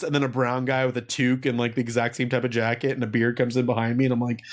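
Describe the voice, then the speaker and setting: A man's voice: mid-range voice, fairly even intonation, fast talker. A man hosting a casual comedy podcast, self-mocking and crude, swearing freely as he riffs. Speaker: podcast host.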